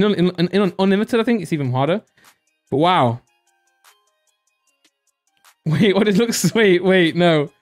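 A young man hosting a live stream, chatty and excitable, laughing often and giving shout-outs to viewers. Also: sits high. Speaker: live-stream host opening card packs.

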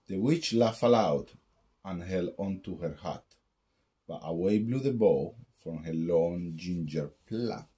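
A man's voice: deep voice, expressive, slow pace, mellow. A man reading a rhyming picture book aloud at bedtime in a sing-song storytelling way.

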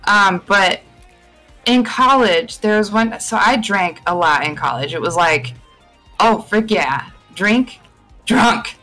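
A woman's voice: medium pitch, slow pace, bright, forceful tone, soft background music, rough recording. A young woman chatting casually as a guest on a live stream podcast, rambling with many fillers and restarts.

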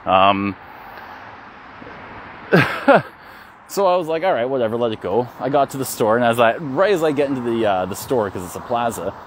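A man's voice: mid-range voice, big pitch swings, normal speed, long pauses, a little hiss or hum. A man vlogging while walking his dogs down a city street, telling a story frankly and with feeling, with swearing and restarts, into a phone he holds. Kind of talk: casual walk-and-talk vlog.

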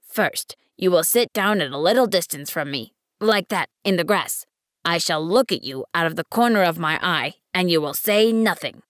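A woman voicing a wise, patient male fox in an audiobook, speaking in a measured, earnest way. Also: lowish voice, animated, dry recording, clean studio sound, close to an everyday voice. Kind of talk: audiobook reading.

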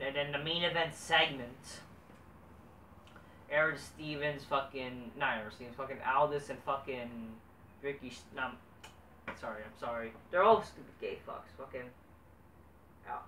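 A young man giving a rambling, profane, excitable casual review of a wrestling show. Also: medium pitch, moderate pace, recorded from a distance. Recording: echoey room, off-mic, faint noise.

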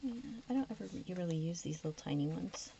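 A woman's voice: lowish voice, expressive, fast, creaky, dark tone. A woman chatting casually while decorating a planner, often slipping into a whisper, her voice getting a little tired. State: voice starting to go. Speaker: planner vlogger. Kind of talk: casual plan-with-me chat. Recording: dull lo-fi recording with faint noise.

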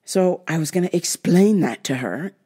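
Young adult woman, podcast host, profane exasperated storyteller, very lively pitch. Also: moderate pace, husky. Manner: animated, mimics others in high-pitched voices. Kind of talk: ranting storytime.

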